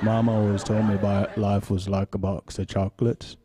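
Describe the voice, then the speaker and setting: A man with an Alabama accent doing an impression of a simple-hearted, slow-talking southern man, over guitar music. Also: on the low side, little pitch movement, crowd noise, lightly acted. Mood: earnest. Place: home studio.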